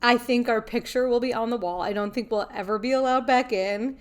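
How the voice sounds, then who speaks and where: A woman's voice: fairly high pitch, clean tone. A woman co-hosting a podcast, chatting casually and playfully about her week. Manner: chatty, playful, quick to agree. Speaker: podcast co-host. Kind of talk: casual chat.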